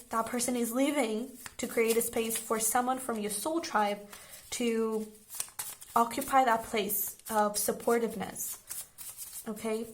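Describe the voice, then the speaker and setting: A woman's voice: fairly high pitch, a little hiss or hum. A young woman giving a casual pick-a-card tarot reading, earnest and reassuring, often checking in with "okay?". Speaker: tarot reader.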